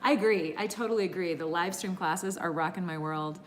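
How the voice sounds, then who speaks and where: A middle-aged woman teaching a live-streamed energy healing class, chatting warmly and greeting viewers by name, with many fillers. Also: lowish voice, brisk, a little hiss or hum.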